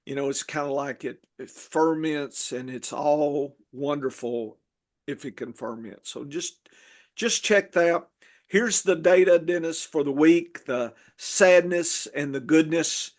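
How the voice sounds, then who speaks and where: Podcast host, male, a bit high-pitched, loose, jokey and rambling. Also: slow. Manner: rambling, jokey, talks over his co-host. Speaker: podcast host, fantasy football analyst. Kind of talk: casual podcast chat.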